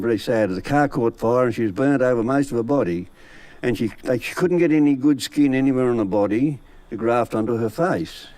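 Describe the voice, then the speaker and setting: A man's voice: medium pitch, a little mellow, no echo, rough recording. A man, a bush poet telling comic yarns and reciting funny poems in a folksy, chuckling way. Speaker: bush poet and yarn teller.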